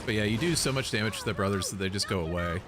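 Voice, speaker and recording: A man casually commenting on his gameplay run, relaxed and rambling with lots of fillers. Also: lowish voice, very fast, heavy background noise. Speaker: gamer explaining his run. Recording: voice over loud game music.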